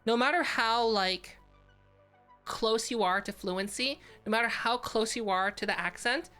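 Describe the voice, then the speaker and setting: A woman's voice: fairly high pitch, a little slow, bright, forceful tone, clean tone, soft background music. A woman VTuber streamer chatting casually and playfully with her chat, giggling and reading names aloud.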